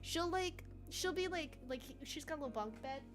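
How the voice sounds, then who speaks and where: A woman in her thirties hosting a live coding stream, chatting casually and telling family stories in an animated way between bits of work. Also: high voice, moderate pace, music in the background. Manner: animated storyteller, chatty, lively asides. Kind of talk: casual chat while coding.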